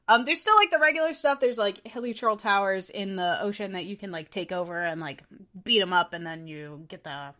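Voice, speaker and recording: A woman's voice: on the high side, pushed and bright. A woman co-hosting a podcast, chatting casually and enthusiastically with lots of "like" and "um" and frequent giggles. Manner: rambling, fills speech with "like" and "um". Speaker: podcast co-host.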